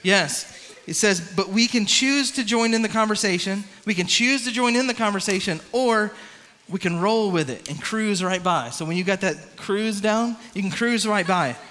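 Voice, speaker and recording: Guy youth pastor, high bright voice, hypes up the kids, big echoey hall w/ a bit of noise. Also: moderate pace. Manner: energetic, interactive, coaching and calling on the crowd. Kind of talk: youth sermon with a live swimming demonstration.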